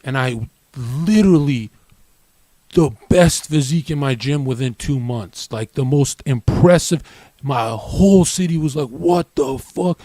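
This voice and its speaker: A man's voice: medium pitch, a little slow, mellow, dry recording. A young man streamer giving a brash, profane and boastful monologue to his viewers, often mimicking other people.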